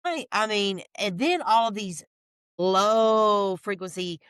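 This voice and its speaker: A woman guest in an interview, telling a story in a lively, folksy way, talking in bursts and restarting her sentences. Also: mid-range voice, slow, clear, resonant tone, no room sound. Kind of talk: animated storytelling chat.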